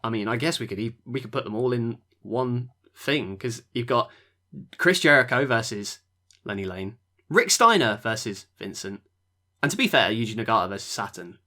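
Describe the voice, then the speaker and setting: A man's voice: medium pitch, animated, moderate pace, pushed and bright. A man hosting a podcast, reviewing matches in a rambling casual chat that often trails off. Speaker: podcast host.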